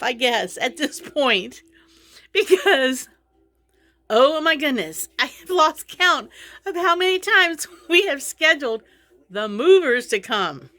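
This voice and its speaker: A woman's voice: high-pitched, lively intonation, slow, sharp tone. A middle-aged woman chatting casually to her vlog viewers, rambling and laughing through her frustration. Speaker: vlogger.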